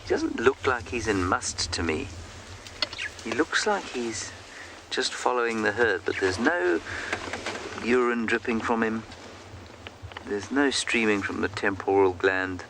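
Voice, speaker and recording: A man working as a safari guide, giving calm, explanatory live commentary outdoors in the bush. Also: on the low side, measured pace, long pauses. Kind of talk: live game-drive commentary. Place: outdoors in the bush on a game drive. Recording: outdoor ambience noise.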